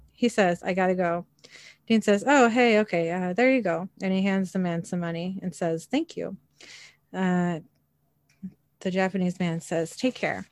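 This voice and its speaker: A woman with a fairly low voice casually narrates a TV episode scene by scene, recorded in clean studio sound with no room tone. She reads the characters' dialogue plainly, dropping in the occasional small filler.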